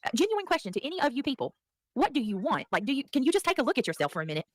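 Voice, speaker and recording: A woman's voice: high-pitched, sing-song, very fast, dry recording, rough recording. A woman, speaking defensively and exasperated as she explains herself to her viewers. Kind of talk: played clip of a defensive rant.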